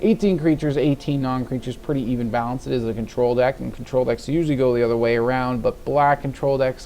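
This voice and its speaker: A man's voice: medium pitch, darkish tone, slight background noise. A man hosting a card game video, rambling casually through his deck and gameplay and chuckling at his own slips. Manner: rambling, chatty, laughs at himself. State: yawning, a little tired. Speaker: gaming video host.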